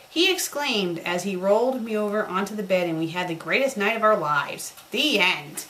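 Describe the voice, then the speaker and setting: A woman's voice: medium pitch, animated, moderate pace, few pauses, fairly bright tone, a little hiss or hum, rough recording. A woman doing a comedic dramatic reading of a bad fan story, breaking off for sarcastic, mocking remarks. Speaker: fanfiction critic.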